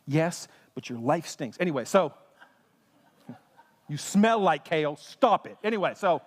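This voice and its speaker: Impassioned male preacher, high voice. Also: expressive, unhurried, pauses often. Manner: impassioned preaching with rhetorical questions and humor. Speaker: pastor. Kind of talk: sermon. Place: church sanctuary. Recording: long church hall reverb.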